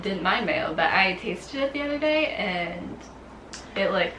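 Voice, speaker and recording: Relaxed young woman chiming in. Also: mid-range voice, a little slow. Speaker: guest, best friend. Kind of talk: casual chat. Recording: echoey room with faint hiss.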